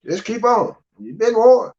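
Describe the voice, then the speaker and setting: An older man with a high voice lectures in a gruff, scolding way and keeps checking that the listener follows. The recording sounds dull and lo-fi. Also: measured pace, a little mellow. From United States. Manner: gruff, scolding, repeats "you understand?". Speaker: guest speaker. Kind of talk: blunt preaching monologue. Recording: dull lo-fi audio.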